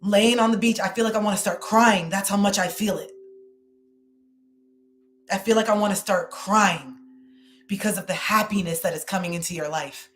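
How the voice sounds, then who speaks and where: A woman's voice: medium pitch, moderate pace, pauses often. A woman hosting a live-stream tarot reading, emotional and effusive, repeating her phrases as she talks to viewers. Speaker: tarot reader and host.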